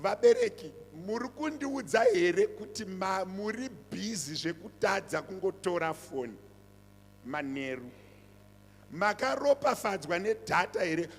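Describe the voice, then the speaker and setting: A man's voice: sits high, lively intonation, a little slow, breathy edge. A middle-aged man, a pastor giving a sermon and church announcements. He is emphatic and repeats his points, switching between languages. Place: church hall. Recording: reverberant church hall.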